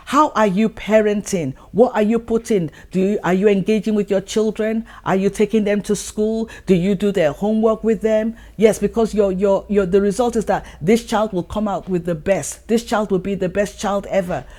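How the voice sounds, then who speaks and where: A woman's voice: mid-range voice, steady tone, moderate pace, hardly any pauses, mellow. A woman hosting her own channel, giving an earnest motivational talk and repeating her points for emphasis. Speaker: channel host.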